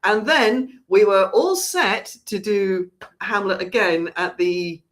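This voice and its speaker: Theatre director, woman, rambling, chatty delivery, mid-pitched voice. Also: takes it slowly. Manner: chatty, rambling, with frequent restarts. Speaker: artistic director of a theatre company. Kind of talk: casual spoken announcement.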